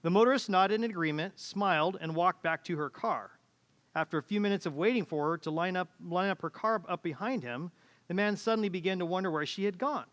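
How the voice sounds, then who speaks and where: A man's voice: high-pitched, brisk, fairly bright tone, muffled recording. A middle-aged man preaching a conversational sermon as pastor, acting out quoted voices, recorded in a church auditorium. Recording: church hall reverb.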